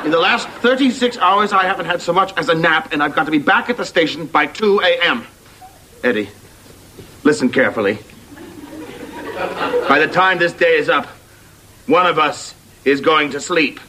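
A man's voice: on the high side, lively intonation, moderate pace, long pauses, crowd noise, close to an everyday voice. An actor playing a fussy, sleep-deprived male psychiatrist in a sitcom, sarcastic and exasperated. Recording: sitcom audio with loud audience laughter and noise.

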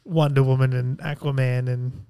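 A man's voice: mid-range voice, steady tone, normal speed, vocal fry, mellow. A man co-hosting a podcast in casual chat, swearing a lot and laughing often. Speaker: podcast co-host.

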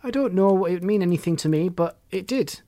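A man reading the part of a wistful, remorseful grown man, speaking in a measured, reflective way. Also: high voice, expressive, warm tone, pitched above the performer's own voice.

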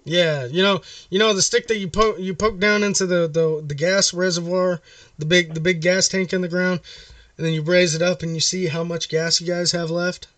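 Profane high-voiced prank caller. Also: male voice, steady tone, normal speed, fairly bright tone, dry recording, far from the mic. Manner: rambling, profane, mock-friendly. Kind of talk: prank phone call.

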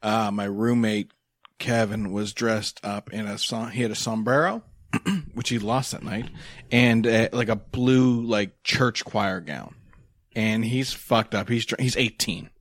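A man's voice: fairly low pitch, unhurried, fairly bright tone, dry recording, clean studio sound. Crude young man telling a story. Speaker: podcast host. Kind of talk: casual chat.

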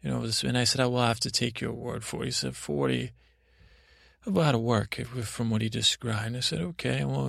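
A man's voice: mid-range voice, creaky, a bit bright, no echo, clean studio sound. A man hosting a podcast, telling a rambling bedtime story in a meandering, hesitant way, full of restarts and side remarks. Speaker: podcast host.

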